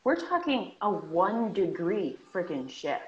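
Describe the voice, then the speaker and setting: A woman's voice: on the low side, big pitch swings, measured pace. A woman hosting a podcast, speaking in an emphatic casual way with mild swearing. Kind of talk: casual chat. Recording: roomy, dull lo-fi sound.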